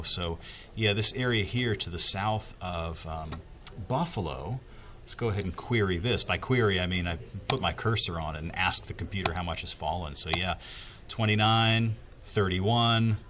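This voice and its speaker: A TV meteorologist explains the weather in a casual, chatty way, thinking aloud with asides and fillers. His voice sits low with a sharp tone, and there's a little hiss or hum in the recording.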